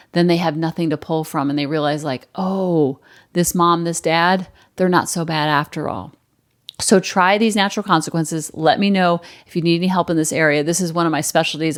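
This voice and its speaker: Earnest woman parenting coach, lowish voice. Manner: earnest, encouraging, conversational; uses homely images and repeats phrases for emphasis. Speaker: parenting coach and podcast host. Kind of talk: solo podcast monologue on parenting.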